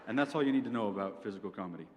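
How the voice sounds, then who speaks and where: A man's voice: on the low side, lively intonation, racing, dull audio. Young guy doing standup like a dry lecture, keeps saying okay?, big echoey hall, faint room noise. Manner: dry, lecture-like delivery with frequent "okay?" asides. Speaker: stand-up comedian. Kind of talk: stand-up set. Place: university venue with audience. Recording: long hall reverb, faint ambience.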